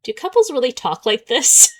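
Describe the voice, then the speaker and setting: A woman's voice: sits high, huge pitch swings, normal speed. A woman hosting a let's play, commenting on a visual novel in a sarcastic, incredulous way and laughing often. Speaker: gaming channel host.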